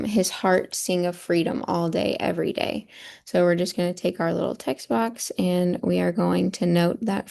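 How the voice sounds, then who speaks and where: A woman's voice: fairly low pitch, creaky, a little mellow. A woman teacher walking through a poem on a shared screen, patiently explaining and checking in with a rhetorical "right?". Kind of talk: screen-share lesson walkthrough.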